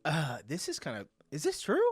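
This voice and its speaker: American man, reaction video host, animated pitch, dry close sound, chatty and laughing. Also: moderate pace, breathy edge, no room sound. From United States. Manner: chatty, laughs often, thinks aloud. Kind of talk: casual reaction commentary.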